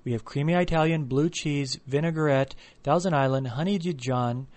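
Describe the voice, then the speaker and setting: A man's voice: fairly high pitch, normal speed, darkish tone, lightly acted. A man voicing a young male waiter who stays unflappably polite while listing every option.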